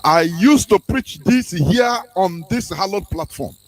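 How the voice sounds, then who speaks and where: Animated high-voiced male radio host. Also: a little slow, poor audio. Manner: animated, sermon-like, with fillers. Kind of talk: radio talk, preaching tone.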